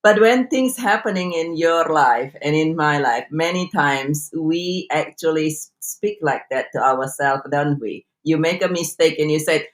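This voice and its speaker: A woman's voice: fairly low pitch, a little slow. A woman speaking as a guest in a discussion on a video call, reflective and full of rhetorical questions. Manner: reflective, asks rhetorical questions, repeats words. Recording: echoey room sound.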